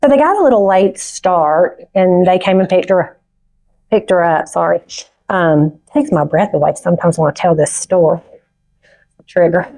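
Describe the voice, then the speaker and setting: A woman's voice: lowish voice, moderate pace, dark tone. Middle-aged woman telling a heartfelt story. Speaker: conference speaker. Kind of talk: personal testimony talk. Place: conference stage before an audience.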